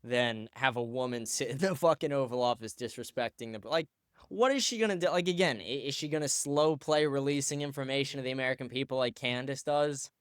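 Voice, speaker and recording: A man's voice: mid-range voice, a little fast, clean tone, no room sound, studio quality. Crude ranting male show host. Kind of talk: commentary on clips.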